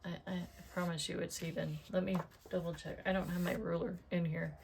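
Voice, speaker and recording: This card-making crafter, a middle-aged woman, has a fairly low, level, creaky voice and speaks a little fast over a faint hiss or hum. She chats casually as she works, talking to herself and asking viewers questions in tutorial fashion.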